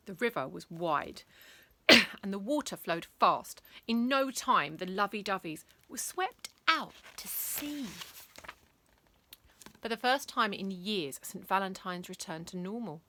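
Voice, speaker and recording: A woman reading a bedtime story aloud, playful and expressive, switching into character voices. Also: medium pitch, measured pace.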